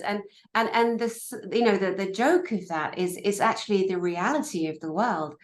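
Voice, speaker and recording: A woman with a slightly low voice talks in an animated, scornful, rambling way. She jumps quickly from point to point. Her voice rings in an echoey room. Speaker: host. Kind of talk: casual chat.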